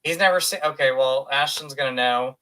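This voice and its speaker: A young man chats casually on a podcast with a bright, forward voice. He is animated and laughs easily, and he acts out his own reactions as he talks. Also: medium pitch, fairly quick. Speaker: podcast co-host. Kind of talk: casual chat.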